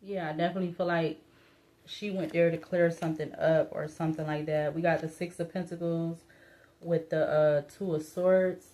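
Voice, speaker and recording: A woman's voice: sits low, level tone, moderate pace, dark tone. A woman reading tarot cards in a casual, musing way, hesitating often with fillers and restarts, her voice breaking up a little. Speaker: tarot reader.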